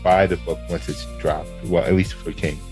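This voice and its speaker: A man's voice: deep voice, level tone, moderate pace, a little mellow, soft background music. A man from the American Northeast hosting a casual podcast interview, laid-back, swearing casually and laughing a lot. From Northeastern United States. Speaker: podcast host.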